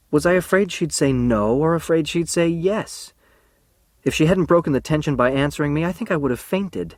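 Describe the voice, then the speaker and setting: A man's voice: mid-range voice, no echo. A man reading an audiobook in the first person, with an earnest and emotional delivery. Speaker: audiobook narrator.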